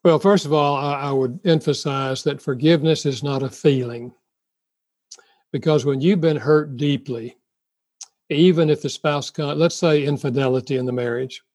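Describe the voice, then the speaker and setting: An older man talks through relationship advice with earnest conviction. His voice sits a touch high for a man, and he slips into acted-out apologies and chuckles between points. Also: steady tone, normal speed, darkish tone. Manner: earnest, laughs often, acts out spoken apologies. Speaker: marriage counselor guest. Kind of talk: conversational advice talk.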